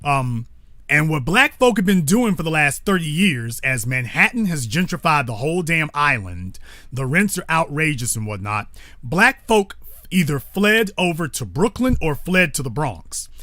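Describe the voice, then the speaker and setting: Blunt, forceful male talk host. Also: fairly high pitch, big pitch swings, normal speed, no room sound, studio quality. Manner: blunt, profane, digressive, corrects himself aloud. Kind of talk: call-in talk show commentary.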